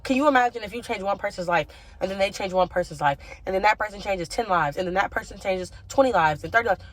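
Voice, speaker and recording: A woman's voice: mid-range voice, quick pace. A woman hosting her own podcast, giving a passionate, blunt motivational talk to listeners and swearing freely. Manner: emotional, preachy urging of listeners. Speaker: podcast host. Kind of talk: motivational solo podcast monologue.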